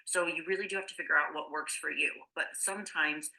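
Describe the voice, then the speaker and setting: A woman's voice: sits low, fairly even intonation, fast talker, gravelly, pushed and bright, low-quality recording. A woman nutrition coach in casual conversation, explaining things with many fillers and restarts. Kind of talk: casual podcast chat.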